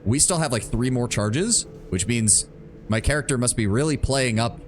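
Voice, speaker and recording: A man's voice: mid-range voice, normal speed, a little hiss or hum. A man streaming a video game, chatting casually and wryly, swearing and thinking aloud about the game's rules. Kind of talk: casual let's-play commentary.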